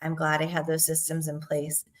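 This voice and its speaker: A middle-aged woman sales coach talking casually to her viewers, animated and emphatic, with frequent "right?" and "okay?" asides. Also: sits low, moderate pace. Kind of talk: casual talk to camera.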